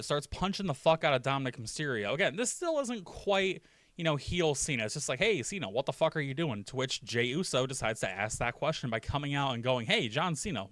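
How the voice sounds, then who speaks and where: A man's voice: mid-range voice, a bit bright, no room sound. A man giving casual, profane, jokey commentary on a wrestling storyline, acting out short quotes along the way.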